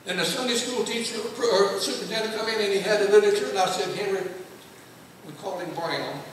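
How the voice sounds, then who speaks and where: A man's voice: high-pitched, fast talker, a little hiss or hum. An older man preaching a sermon, telling a long personal story in a folksy, emphatic way. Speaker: guest preacher. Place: church sanctuary. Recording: echoey church hall from far off.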